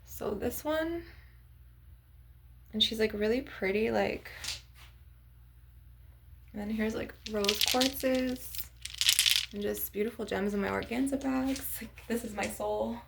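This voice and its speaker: A woman's voice: on the high side, slow pace, gravelly, pauses often, background noise. A young woman vlogging casually to her viewers, rambling with lots of "like" and "you guys" as she shows off her crystals. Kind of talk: casual chat to camera.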